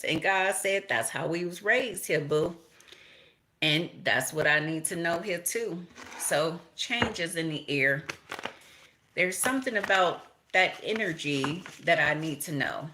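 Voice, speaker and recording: A woman's voice: on the low side, expressive, unhurried, pushed and bright, slight background noise. A middle-aged woman from Chicago doing a casual tarot reading, talking straight to viewers, swearing freely and laughing. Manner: profane, laughing, talks to viewers directly. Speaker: tarot reader.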